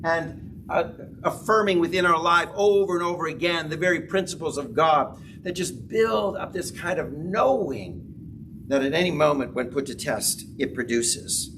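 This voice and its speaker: A man preaching to his congregation in a high, carrying voice. He swings from hushed low lines to loud bursts and drives each point home by repeating it. The mic is far from him, and steady noise fills the recording. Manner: dramatic swings in pitch and volume, emphatic repetition. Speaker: pastor. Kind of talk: sermon. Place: church sanctuary. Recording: distant mic with background noise.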